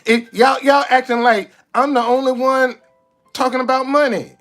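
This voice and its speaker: Impassioned high-voiced man, sarcastic and preachy. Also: steady tone, moderate pace, fairly bright tone. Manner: sarcastic, repetitive stammering restarts, preachy. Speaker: street activist vlogger. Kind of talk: impassioned monologue. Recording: faint music behind.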